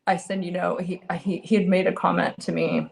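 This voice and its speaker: A middle-aged woman with a low, gravelly voice tells her story as an interview guest. She speaks earnestly, in halting bursts, often restarting her sentences. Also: very animated. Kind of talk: candid personal testimony.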